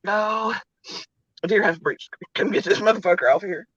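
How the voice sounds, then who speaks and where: A woman co-hosting a livestream, talking loudly and brashly, cussing and exclaiming. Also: mid-range voice, normal speed, dry recording, dull audio. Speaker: livestream co-host. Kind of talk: loud casual chat.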